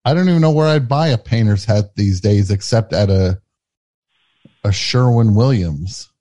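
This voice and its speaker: A man hosting a call-in comedy show who answers in short, deadpan replies. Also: lowish voice, normal speed. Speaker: radio show host.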